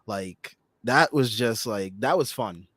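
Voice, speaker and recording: A chatty man talks through a postgame basketball show with lots of fillers and bursts of excitement. His voice is a little hoarse from screaming, and he sounds close and dry, with no room around him. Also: on the low side, slow, no room sound. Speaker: podcast host. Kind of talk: casual postgame basketball talk.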